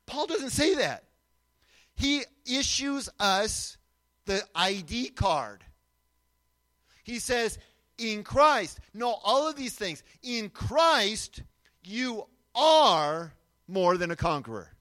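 Guy preaching, pretty high voice, dry close sound, gets loud then drops quiet, asks the crowd stuff. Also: sing-song, drawn-out words, no room sound. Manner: emphatic, swings from loud declarations to quiet asides; asks the audience questions and has them repeat after him. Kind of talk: sermon.

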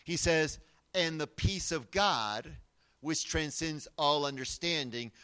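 A man preaching a sermon, swinging between loud emphatic lines and hushed, quiet asides. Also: on the high side. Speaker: pastor.

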